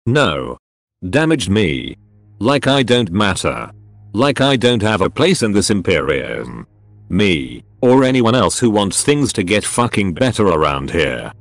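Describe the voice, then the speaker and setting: A hateful, unravelling gunman, as a male storyteller puts him on. The voice sits low and mutters with resentment, swinging widely in pitch. Faint music plays behind the reading. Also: big pitch swings, measured pace, gravelly, no echo, exaggerated voice. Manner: mumbling, whimpering then snarling.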